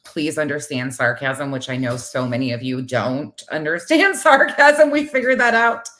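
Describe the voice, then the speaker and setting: Middle-aged woman co-host, blunt and animated, slightly low voice, casual livestream chat. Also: moderate pace. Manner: blunt, swears freely, animated. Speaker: co-host of a livestream talk show. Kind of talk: casual livestream chat reading viewer comments.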